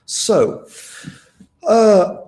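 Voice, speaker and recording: A man's voice: sits high, sing-song, extremely slow, warm tone, reverberant. A young man tutoring students through an exam paper in a casual, chatty way, asking them questions as he goes. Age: young adult. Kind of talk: live online tutoring session.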